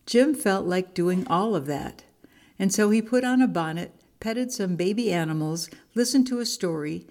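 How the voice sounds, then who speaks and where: A woman reading a children's picture book aloud in a church service, expressive storytelling. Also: mid-range voice, normal speed.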